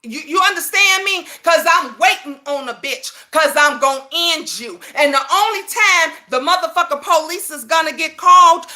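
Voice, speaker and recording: Woman, 50s, high voice, profane heated rant, repeats herself, confrontational. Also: lively intonation, moderate pace, few pauses, pushed and bright. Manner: keeps asking viewers if they understand. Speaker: YouTube commentator. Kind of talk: heated personal rant to viewers.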